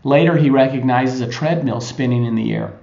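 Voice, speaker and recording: A man hosting a motivational podcast, retelling a story in a conversational way with frequent pauses. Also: mid-range voice, creaky, a little mellow. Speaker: podcast host. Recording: echoey lo-fi recording.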